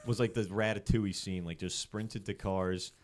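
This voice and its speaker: A young man in his twenties from central Pennsylvania, with a voice that sits on the low side. He tells a story in a loose, rambling way, swearing often and filling his sentences with "like." He sounds like a podcast guest in casual conversation. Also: fairly even intonation, moderate pace. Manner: loose, profane, filler-heavy storytelling.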